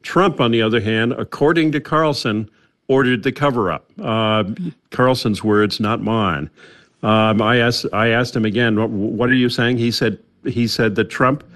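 A man's voice: mid-range voice, unhurried, a bit bright. A male journalist talking as a guest on a radio news interview, conversational, with frequent restarts.

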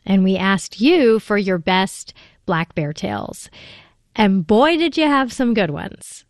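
A woman's voice: mid-range voice, expressive, slow pace, no echo, clean studio sound. Upbeat woman hosting a radio show. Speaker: radio host.

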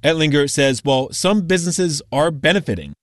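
A male radio reporter delivers a scripted news story in a measured, explanatory way. The sound is dry and close, with no room around it. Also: on the high side, lively intonation, dry recording.

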